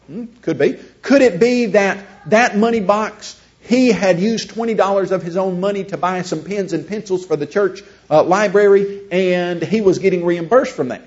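A man's voice: sits high, moderate pace, hardly any pauses, a little mellow. A man giving a conversational teaching lecture, asking his listeners rhetorical questions. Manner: asks the audience rhetorical questions. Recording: dull lo-fi recording.

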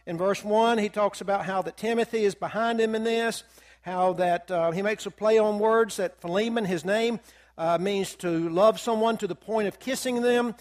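A man with a fairly high voice and a drawl leads a Bible class. He talks in an easygoing, folksy way, with fillers and asides to the students, and draws out the scripture quotes slowly.

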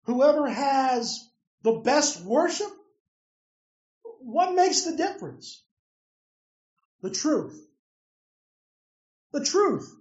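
Slow-preaching man in a roomy hall. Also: very high voice, very animated, darkish tone. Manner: emphatic, asks and answers rhetorical questions. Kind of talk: sermon. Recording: roomy, distant, dull lo-fi sound.

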